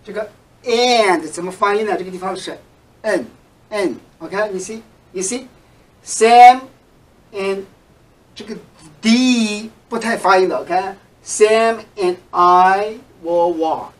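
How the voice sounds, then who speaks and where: A native Chinese-speaking man teaches an English lesson, sounding out each example sentence with deliberate care. His voice sits high for a man and he takes his time over every word. He sounds a little distant from the microphone. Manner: slow, repeats example sentences carefully, switches between English and Chinese. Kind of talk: bilingual language lesson.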